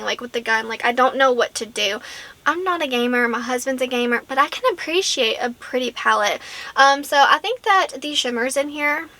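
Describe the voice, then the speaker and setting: A young woman with a high, bright voice chats to camera about what she loves. She gushes and trails off into filler words, talking casually and warmly to her viewers. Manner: gushing, chatty, many fillers like "like" and "um". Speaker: beauty vlogger. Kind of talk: casual product review to camera.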